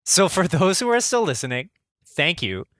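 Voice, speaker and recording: A man's voice: high-pitched, big pitch swings, normal speed, fairly bright tone, no echo, clean studio sound. A man co-hosting a casual pop-culture podcast, easygoing and hesitant, with many fillers and restarts. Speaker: podcast co-host.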